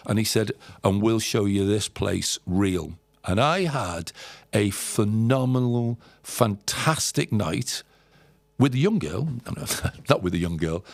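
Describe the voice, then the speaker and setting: A man's voice: on the low side, big pitch swings, normal speed, creaky, slightly rough, dry recording. A middle-aged man from England casually telling a rambling anecdote, repeating words and acting out what people said. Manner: rambling storyteller, repeats words, acts out quotes. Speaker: podcast guest telling travel stories.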